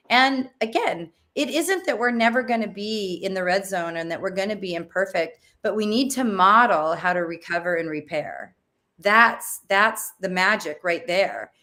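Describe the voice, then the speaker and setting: Middle-aged woman guest, animated storyteller, easy conversational delivery. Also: medium pitch, normal speed. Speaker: parenting guest. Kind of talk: casual interview.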